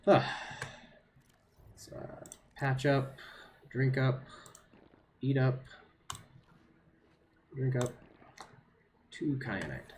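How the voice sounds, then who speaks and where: Male streamer, mid-pitched voice, jumpy running commentary, soft keyboard clicks in the background. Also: slight background noise. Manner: nervous self-talk, repeats phrases under pressure. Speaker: game streamer. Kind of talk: live gameplay commentary to chat.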